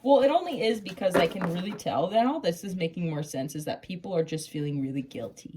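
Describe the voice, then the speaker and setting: A woman with a fairly low voice talks through a tarot spread in a loose, casual way. She gets excited and laughs often, with casual swearing. She calls the listener honey and drops to a soft hush when she gives advice. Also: fairly quick, background noise. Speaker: tarot reader.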